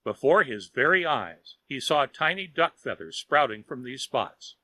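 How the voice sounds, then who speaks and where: A man narrating a children's audiobook in a lively storytelling manner. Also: medium pitch, unhurried, dry recording.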